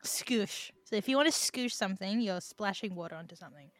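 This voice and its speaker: A woman's voice: medium pitch, expressive, brisk, no room sound. Giggly young woman, dry close mic. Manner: giggly, playful, teasing. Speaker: podcast co-host. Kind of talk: casual podcast chat.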